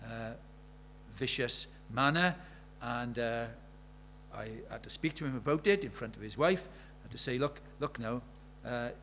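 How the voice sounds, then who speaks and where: A man preaching a sermon, animated and rhetorical, asking the congregation questions and acting out the voices he quotes. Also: medium pitch, a little slow, a little hiss or hum.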